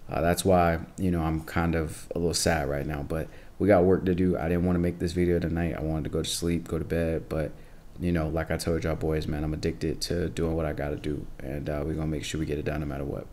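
A man's voice: very deep voice, level tone, a little fast, darkish tone, a little hiss or hum. A tired young man hosting his channel, talking laid-back to viewers with lots of fillers. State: tired, low energy. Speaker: channel host. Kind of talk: casual video intro.

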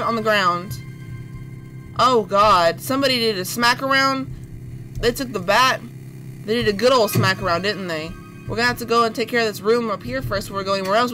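Goofy, jumpy woman gaming over loud music. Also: fairly high pitch, rough recording. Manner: goofy and playful, baby-talk words; excitable, jumpy when scared. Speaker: gaming YouTuber. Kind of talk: horror game let's play commentary. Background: loud eerie game music.

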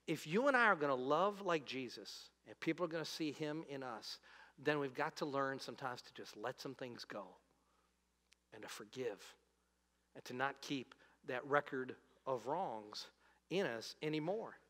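A man preaching a sermon as pastor, animated, swinging from loud emphasis to soft, low asides. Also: normal speed. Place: church auditorium. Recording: long hall reverb.

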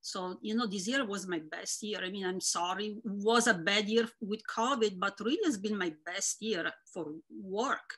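A woman's voice: medium pitch, normal speed, few pauses. A middle-aged woman from Italy with a thick Italian accent, chatting as an interview guest about her work and life. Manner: thick accent, animated storytelling. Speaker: guest, Instagram content creator. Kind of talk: casual interview chat.

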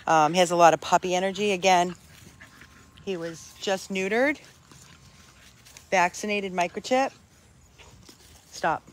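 An older dog rescuer chatting at home while playing with a puppy, breaking into high coaxing calls to the dog. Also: a little slow, pauses often. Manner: talks to the dog in high coaxing calls between plain remarks. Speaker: dog rescuer showing a dog for adoption. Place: home with a dog, in hot weather.

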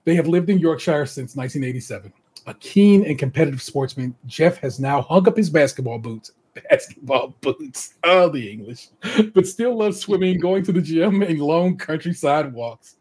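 An American man hosting a podcast in casual chat, reading contestant bios aloud with chatty, animated asides and frequent laughter. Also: on the high side, moderate pace, slightly rough. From United States. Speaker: podcast host.

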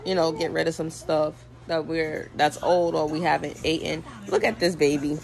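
A young woman and mother chatting casually in a vlog at home, relaxed and chatty with lots of fillers. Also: sits low, normal speed, creaky. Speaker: vlogger, mother. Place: home, indoors.

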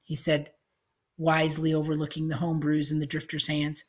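Woman audiobook narrator, low voice, measured storytelling. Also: little pitch movement, husky.

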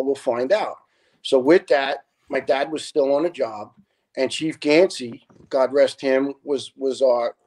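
A man's voice: medium pitch, darkish tone, low-quality recording. Earnest middle-aged man telling stories. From New York. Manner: earnest storyteller, quotes people in their own voices. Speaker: retired fire lieutenant, podcast guest. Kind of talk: storytelling in a casual interview.

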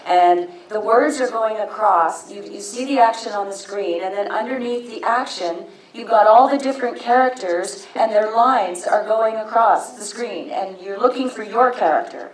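A woman's voice: mid-range voice, moderate pace, hardly any pauses, distant mic. Chatty woman in an echoey convention hall. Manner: chatty, wry, explains things at length. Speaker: voice actress on a convention panel. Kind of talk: casual anecdote to a crowd. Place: convention panel room.

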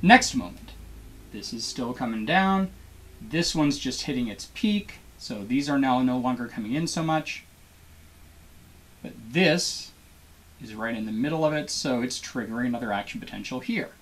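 Animated man lecturing on biology. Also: medium pitch, normal speed. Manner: animated, acts out cheering crowd voices in examples; encouraging toward students.

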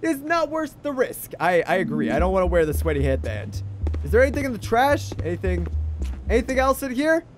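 A young man doing goofy, excitable game commentary, talking to his teddy bear as he plays. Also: sits high, a little fast, over music. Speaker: gaming YouTuber.

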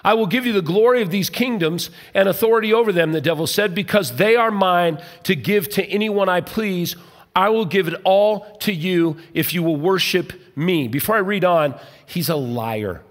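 A pastor preaches to his church, and the man's voice sits fairly high. He talks in a casual way but presses hard on his points, slipping into other people's voices when he quotes them. His voice rings out through a large hall with a long reverb. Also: moderate pace. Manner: conversational, emphatic, acts out quoted voices. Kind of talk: sermon.

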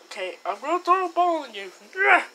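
A woman voicing every character in a homemade comedy skit, mumbling some lines and shouting others. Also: very high voice, sing-song, a little fast. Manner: switches between mumbling lines and sudden shouting. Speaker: amateur puppet-movie maker voicing all characters.

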